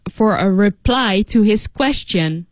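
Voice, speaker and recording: A woman's voice: medium pitch, expressive, slow pace, no room sound. A woman co-hosting a radio English lesson, explaining phrases casually with many fillers and acting out example lines. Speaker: native-English co-host.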